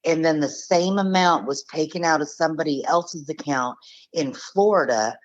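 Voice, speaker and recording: The scam victim's niece, speaking as a guest, tells of her uncle's losses in a casual, blunt, emphatic way and acts out quotations. Her voice sits low at a moderate pace, and the recording is muffled.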